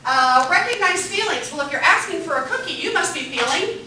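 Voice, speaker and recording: A woman's voice: very high voice, animated, brisk, crowd noise. A woman teaching a parenting class, upbeat and questioning the group and echoing back their answers. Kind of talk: interactive classroom lecture. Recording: echoey room from a distant mic.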